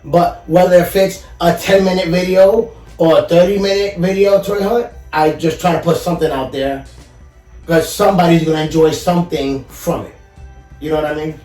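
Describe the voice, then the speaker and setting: A man's voice: on the high side, fairly even intonation, normal speed, a little mellow. A man guest on a podcast, earnestly telling a personal story in casual chat, often saying "you know". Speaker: podcast guest, collector and YouTuber. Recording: echoey room, far from the mic, faint music.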